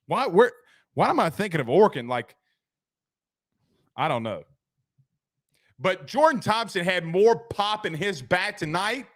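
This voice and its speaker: A man hosting a casual sports talk show, rambling and excitable, laughing at his own jokes. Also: high voice, unhurried, long pauses, no echo, studio quality.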